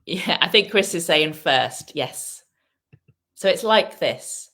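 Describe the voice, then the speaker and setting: A woman's voice: on the low side, very animated, slow pace, a bit bright. A woman teaching English on a live stream, asking viewers questions, reading out their comments and modelling pronunciation. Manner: reads viewer comments aloud and praises answers; asks the audience questions and stresses pronunciation.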